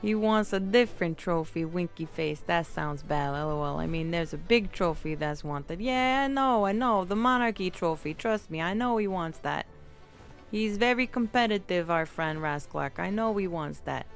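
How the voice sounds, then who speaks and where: A woman's voice: fairly low pitch, expressive, moderate pace, faint music behind. A woman streaming a game, rambling playfully and chatting with her viewers. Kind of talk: live game stream chat.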